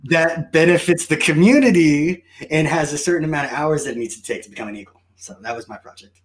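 Man, casual guest, tells stories with animated self-mocking energy. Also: a little high, quick pace. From United States. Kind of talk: casual chat.

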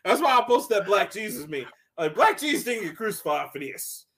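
A man co-hosting a casual podcast chat, joking and animated. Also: high voice, brisk, a little hiss or hum. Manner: animated, joking, slips into mocking voices. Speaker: podcast co-host.

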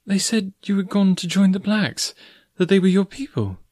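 A man voicing an earnest, gentle young woman in a storybook reading, speaking softly and breathlessly. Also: medium pitch, lively intonation, moderate pace, no room sound, clean studio sound, pitched above the performer's own voice, close to an everyday voice. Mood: tender, wondering.

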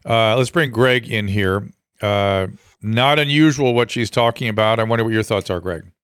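A man hosting a panel talk on youth mental health, measured and thoughtful, with fillers and restarts. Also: fairly low pitch, a bit bright, smooth, no echo, clean studio sound. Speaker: host. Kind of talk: moderating a panel discussion.

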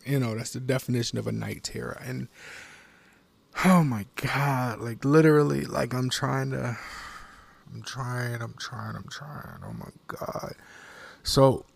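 Distressed man, very gravelly, mid pitch, stumbling confession, whispers often. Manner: halting, repeating himself, drifting into whispers. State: shaken and confused.

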